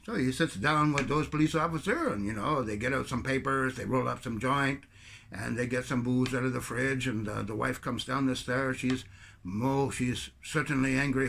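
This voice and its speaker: A man's voice: medium pitch, normal speed, gravelly, fairly bright tone, slight background noise. A man from Canada giving a rambling, sarcastic political rant to camera as a video commentator. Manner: rambling, sarcastic storyteller with mocking put-on French bits.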